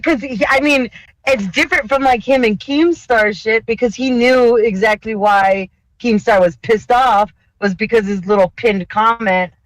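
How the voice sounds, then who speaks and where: A woman's voice: medium pitch, no room sound, poor audio. A young woman chatting casually on a podcast, ranting with profanity and mimicking others in mocking voices. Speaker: podcast co-host. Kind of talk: casual chat.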